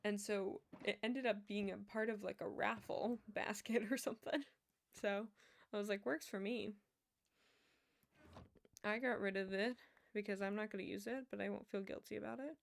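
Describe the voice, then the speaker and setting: A woman's voice: medium pitch, fairly even intonation, normal speed, gravelly. A young woman streamer telling a rambling story in casual chat, laughing often and filling her talk with "like".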